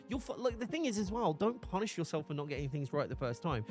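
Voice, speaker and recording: A man's voice: fairly high pitch, big pitch swings, fast talker, hardly any pauses, a little mellow, soft background music. A man streaming live, chatting casually and animatedly, often restarting and laughing.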